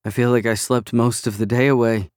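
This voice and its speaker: A man voicing a tired young woman recovering from an injury, speaking softly with thanks in an audiobook. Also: mid-range voice, little pitch movement, fairly quick, dry recording, clean studio sound, voice pushed up, natural voice. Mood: grateful. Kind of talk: audiobook character reading.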